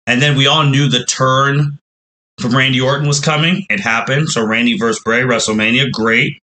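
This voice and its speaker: A man's voice: mid-range voice, steady tone, normal speed, bright, forceful tone, rough recording. A man hosting a podcast, telling a long, rambling recap with frequent exclamations. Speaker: podcast host.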